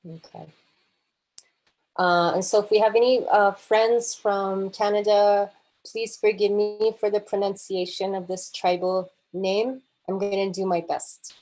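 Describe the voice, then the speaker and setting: A woman poet speaking on a video call, soft and halting, full of pauses and fillers, openly emotional as she talks. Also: mid-range voice, flat delivery, low-quality recording. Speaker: guest poet. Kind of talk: unscripted remarks on a video call.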